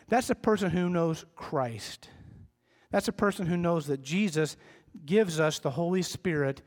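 A middle-aged man delivers a sermon to his congregation in a relaxed, conversational way, often laughing at his own faults. His voice sits high for a man. The sound carries a long reverb from the church hall. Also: unhurried. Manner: conversational, self-deprecating, acts out quoted voices. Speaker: pastor.

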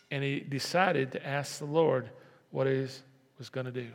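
A man's voice: medium pitch, lively intonation, measured pace, creaky, pauses often. A man preaching a sermon, emphatic, repeating key lines and asking the congregation to answer back. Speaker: pastor. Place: church sanctuary. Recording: echoey church hall.

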